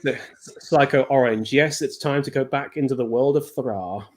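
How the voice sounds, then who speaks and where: A man's voice: mid-range voice, fairly even intonation, normal speed. British male stream co-host, casual recap chatter, mid-range voice. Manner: chatty, laughs often, loose restarts.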